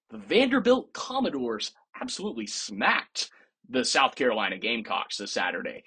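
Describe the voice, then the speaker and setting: A man's voice: mid-range voice, a bit bright, slightly rough. A man hosting a podcast, giving casual, opinionated sports commentary with a playfully sarcastic edge. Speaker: podcast host.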